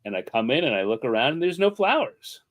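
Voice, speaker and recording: A man's voice: medium pitch, fast. A man telling a long personal story in a casual talk, acting out what people said. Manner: animated, acts out quotes. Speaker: guest artist and podcaster. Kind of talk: anecdotal storytelling in conversation.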